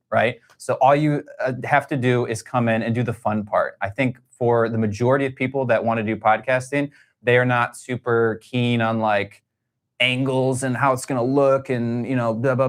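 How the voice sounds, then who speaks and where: A man, a podcast studio owner chatting casually with viewers in a livestream Q&A, rambling with lots of fillers. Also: medium pitch.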